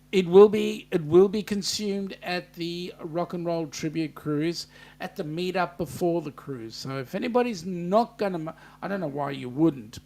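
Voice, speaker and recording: An Australian man with a fairly high voice hosts a relaxed live-stream chat. He reads viewer comments aloud and jokes back at them at an unhurried pace, full of ums and restarts. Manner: hesitant, many ums and restarts.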